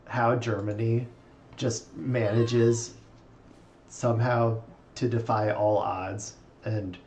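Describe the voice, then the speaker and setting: A man's voice: medium pitch, level tone, slow, a little mellow, slight background noise. A man commenting in casual chat, making dry, sarcastic jokes and laughing often.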